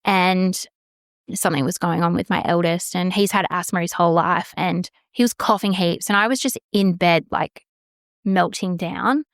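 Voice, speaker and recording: A woman's voice: on the low side, fairly even intonation, moderate pace, no room sound, studio quality. A woman, hosting a podcast and frankly telling a personal story, swearing freely and acting out the exchanges she remembers. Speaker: podcast host.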